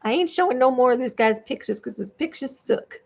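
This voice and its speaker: A woman's voice: high voice, animated, fairly quick, creaky, a little mellow, highs cut off, full character voice. Woman putting on a sassy old Southern grandma. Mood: folksy. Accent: put-on Southern US. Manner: drawling, sassy, mock-indignant. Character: dignified old Southern grandma, bossy and folksy.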